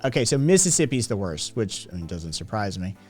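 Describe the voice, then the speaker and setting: A man's voice: on the low side, big pitch swings, a little fast, darkish tone, faint music behind. A man hosting a casual livestream, reading statistics and chat messages aloud and reacting with profane, sardonic comments.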